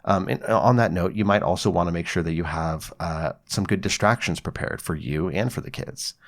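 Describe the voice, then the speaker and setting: A man hosting a psychology podcast, giving relaxed, conversational advice with casual swearing and acted-out examples. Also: deep voice, normal speed.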